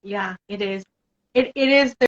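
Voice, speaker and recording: A woman hosting a live chat series, emotional and expressive, often laughing as she talks. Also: mid-range voice, a little slow, highs cut off. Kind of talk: casual interview chat.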